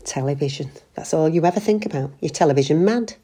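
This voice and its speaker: A woman's voice: deep voice, fast talker, warm tone, slightly rough. A woman voicing an anxious, nagging middle-aged wife who scolds her husband. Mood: exasperated. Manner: scolding, exasperated.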